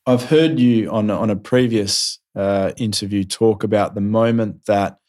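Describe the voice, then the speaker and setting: A man interviews a guest, his voice sitting a little low. He asks brief, prompting questions and nudges the talk along with short remarks. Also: a little slow, darkish tone.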